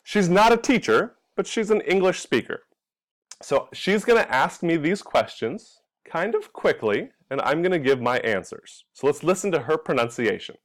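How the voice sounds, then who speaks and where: A young man from California teaching English pronunciation, talking slowly and clearly and drawing out the example sounds. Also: fairly high pitch, big pitch swings. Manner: drawn-out, exaggerated sounds when modeling examples.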